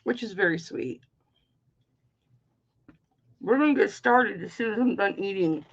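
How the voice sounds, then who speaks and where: Slow-talking chatty woman host, lo-fi. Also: mid-range voice, animated. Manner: chatty, rambling, playful storytelling. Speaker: live-stream jewelry auction host. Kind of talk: casual live-stream chat.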